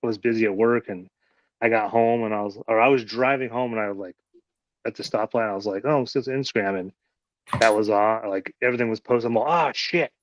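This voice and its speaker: A man's voice: lowish voice, steady tone, fast, no echo. Man host, casual rambling chat, swears a lot, dry and lo-fi sound. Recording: dull lo-fi audio.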